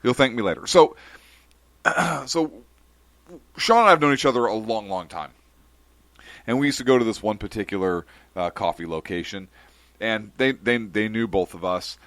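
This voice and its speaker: A man co-hosting a casual podcast chat, telling an anecdote with lively, playful delivery. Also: on the low side, normal speed, long pauses, no echo. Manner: animated storyteller, acts out voices in anecdotes. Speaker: podcast co-host.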